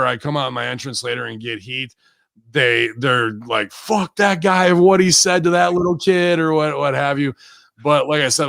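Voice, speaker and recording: A man, a wrestler guest on a podcast, telling brash profane stories with loud bursts and laughs. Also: mid-range voice, vocal fry, no room sound. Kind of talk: profane casual interview chat.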